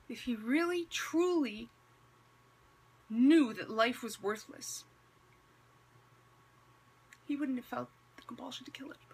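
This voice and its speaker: A woman with a husky, slightly breathy voice delivers casual commentary to her viewers. She keeps it wry and conversational, stacking rhetorical questions and dry, sarcastic asides around a religious point. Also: a little high. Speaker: vlogger.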